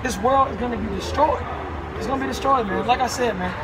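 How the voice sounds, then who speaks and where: A man preaching and arguing on a city street at night, shouting scripture loudly and calling listeners man and brother. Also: very high-pitched, fast. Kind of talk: heated street preaching and argument. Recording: noisy street recording with crowd.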